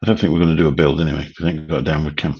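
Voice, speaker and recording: A man's voice: very deep voice, little pitch movement, very fast, highs cut off, a little hiss or hum. A man, rambling casually as host of a late-night livestream chat. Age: 50s. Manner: rambling, chatty, swears casually. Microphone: studio mic through a mixer.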